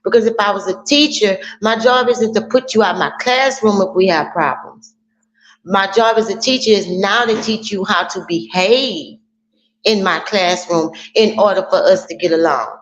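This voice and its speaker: A woman's voice: mid-range voice, moderate pace. A woman calling in to a casual debate, explaining her view at length with examples. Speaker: caller. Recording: echoey, dull lo-fi line with faint noise.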